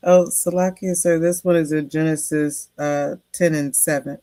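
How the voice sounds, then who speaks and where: A woman student answering in a scripture class, hesitant and halting, politely addressing the teacher. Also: low-pitched, steady tone, dark tone.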